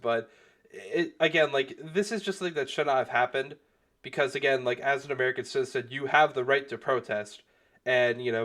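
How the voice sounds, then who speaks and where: A man's voice: mid-range voice, fairly bright tone. A young man giving casual commentary on a video, rambling with lots of fillers and restarts and swearing freely. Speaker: commentary youtuber.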